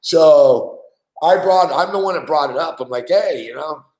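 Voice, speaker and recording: A man's voice: a little high, moderate pace, darkish tone, roomy sound, rough recording. A man hosting a sports betting show, telling profane, laughing stories about guests in casual studio banter. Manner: profane, storytelling, laughs often.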